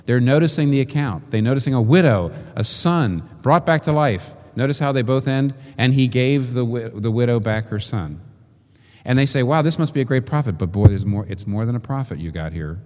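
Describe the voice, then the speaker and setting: Male preacher, mid-pitched, animated sermon delivery, long hall reverb. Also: moderate pace. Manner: animated, acts out quoted voices, repeats phrases for emphasis.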